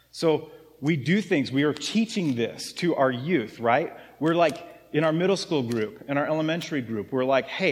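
Chatty pastor preaching in a reverberant hall. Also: male voice, mid-range voice. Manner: conversational, chatty, asks the congregation "right?". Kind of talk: sermon. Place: church sanctuary.

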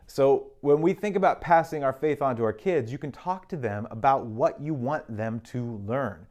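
A man preaching a sermon in a relaxed, conversational teaching style, adding dry little jokes. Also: mid-range voice. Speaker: pastor. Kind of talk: sermon on parenting and faith.

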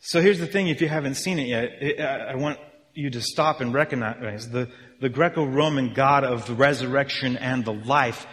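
A man preaching a sermon with lively energy, often acting out his listeners' reactions. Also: mid-range voice, normal speed, in a large hall. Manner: animated, acts out reactions of listeners. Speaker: pastor.

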